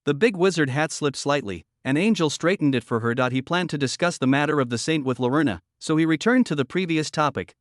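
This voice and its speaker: A man reads a scripted story recap in a steady, even delivery. His voice sits a little high, and the recording is dry and close, with no room sound. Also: brisk, hardly any pauses, no echo. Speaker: narrator.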